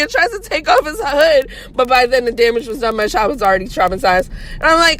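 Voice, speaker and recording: A woman casually telling a personal story from her car, chatty and animated, acting out what people said in higher voices. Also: fast, low-quality recording. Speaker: vlogger.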